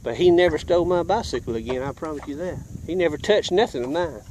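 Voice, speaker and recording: A man's voice: fairly high pitch, lively intonation, fast, a little mellow, a little hiss or hum. A middle-aged man telling a folksy childhood story while fishing outdoors, acting out voices and sound effects. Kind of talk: casual storytelling.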